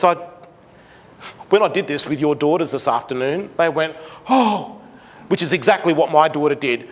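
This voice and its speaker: A middle-aged Australian man giving an animated seminar talk to parents, acting out conversations with his daughter. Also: fairly high pitch, moderate pace, long pauses. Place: large school hall. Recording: long hall reverb.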